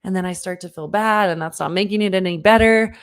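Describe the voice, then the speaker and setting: A woman in her thirties, a parenting coach, giving an online workshop talk and telling a personal story with lively, earnest direct address to the listener. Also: mid-range voice, brisk, clean tone. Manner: lively storyteller who acts out her own past lines.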